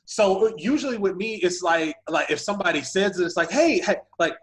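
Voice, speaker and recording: Animated man telling a story. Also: high-pitched, fairly quick, background noise. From Humble, Texas. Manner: animated, acts out voices in anecdotes, lots of "like". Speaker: podcast guest. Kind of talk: casual storytelling.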